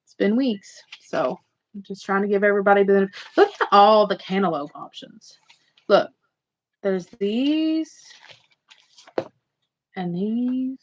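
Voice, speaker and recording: A chatty woman rambles to her viewers as she hosts a casual livestream. Her voice sits at an ordinary middle pitch. The audio is slightly muffled and lo-fi. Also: lively intonation, slow pace, pauses often, a little hiss or hum. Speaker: livestream host.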